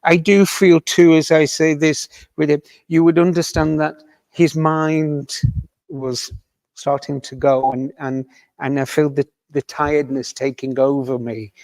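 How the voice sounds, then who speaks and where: A man working as a medium in a village hall, talking gently and tentatively to a member of the audience and often checking that what he says makes sense. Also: fairly high pitch, level tone, a little slow.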